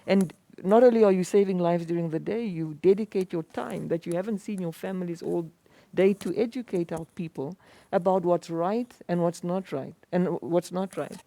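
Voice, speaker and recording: A woman's voice: fairly low pitch, moderate pace, warm tone, dry recording. A woman moderating a panel discussion, summing up earnestly and thanking the guests.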